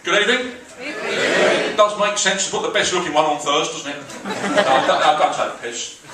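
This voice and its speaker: A South London man in his forties does crude, self-deprecating stand-up in a dry, deadpan manner at normal speed. His fairly high voice booms around a reverberant comedy club. The mic picks him up from a distance, along with clatter and room noise.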